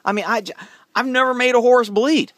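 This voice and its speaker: A middle-aged man with a fairly high voice, recorded close and dry. He rants bluntly to camera, exasperated, swearing freely and repeating words as his temper rises. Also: steady tone, brisk, fairly bright tone, no room sound. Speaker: horse trainer and channel host. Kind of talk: ranting monologue to camera.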